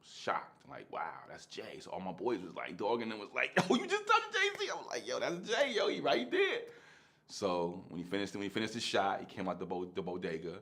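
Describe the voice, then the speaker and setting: A man's voice: deep voice, huge pitch swings, fairly quick, creaky, a bit bright. A man, telling a story in casual, slangy street talk and laughing often.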